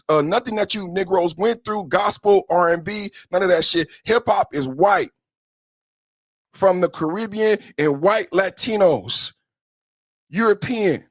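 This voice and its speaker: A man's voice: high-pitched, dry recording, studio quality. A man hosting a solo podcast, ranting in a heated, emphatic way with frequent profanity. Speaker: podcast host.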